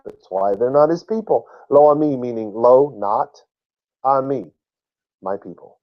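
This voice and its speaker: A man's voice: mid-range voice, measured pace, muffled recording. A man teaching a Bible lesson in a sermon style, emphatic and drawing out key words, and he laughs at his own slips.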